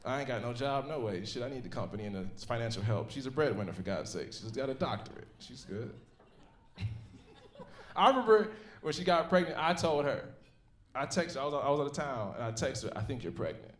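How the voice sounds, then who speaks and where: Male stand-up in his thirties, profane and animated, live in a roomy club. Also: mid-range voice, fairly quick. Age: 30s. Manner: profane, animated storytelling with laughs. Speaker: stand-up comedian. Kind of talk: stand-up comedy set. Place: comedy club theater stage.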